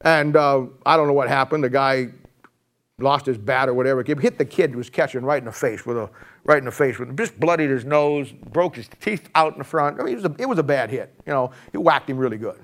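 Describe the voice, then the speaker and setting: A man's voice: mid-range voice, a little fast, fairly bright tone. A man in his sixties giving a conversational sermon, joking and rambling through stories with frequent restarts. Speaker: preacher.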